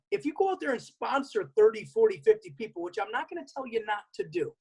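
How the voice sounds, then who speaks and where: Husky, lively-voiced workshop presenter man. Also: very high voice, low-quality recording. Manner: energetic, repeats key points, acts out remembered dialogue. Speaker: network marketing workshop presenter. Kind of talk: seminar talk.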